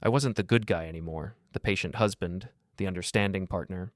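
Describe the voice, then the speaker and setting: A middle-aged man tells a first-person revenge story in a low voice, cold and deliberate. The recording is dry and close, with no room sound. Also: no echo. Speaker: narrator.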